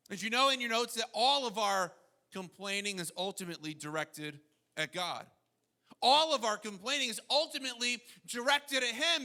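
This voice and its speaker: A man preaching a sermon as pastor, animated, slipping into mocking quoted voices. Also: sits high.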